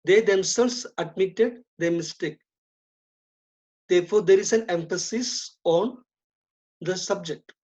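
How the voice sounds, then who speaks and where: Female teacher, slow methodical delivery, lowish voice, muffled lo-fi audio. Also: a little mellow. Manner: slow, deliberate, repeats and stresses key terms. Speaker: English teacher. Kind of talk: classroom grammar lesson. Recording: dull lo-fi recording.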